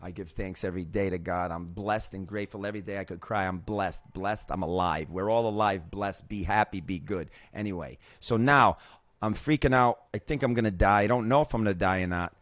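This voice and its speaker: A man's voice: low voice, brisk, fairly bright tone, no room sound. Emphatic older man, dry close sound. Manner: emphatic, swearing, motivational, frequent restarts. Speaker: host. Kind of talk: personal recovery testimony.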